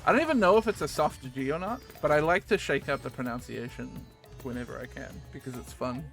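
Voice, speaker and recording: A man's voice: medium pitch, brisk, vocal fry. A man with a New Zealand accent chatting casually on a game stream, rambling with fillers and casual swearing. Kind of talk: casual gaming stream chat. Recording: music playing behind the voice.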